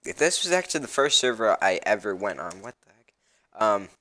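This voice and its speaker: A man's voice: fairly low pitch, sing-song, normal speed, pushed and bright. A young man casually commenting on his own gameplay as a channel host, rambling with lots of ums and uhs.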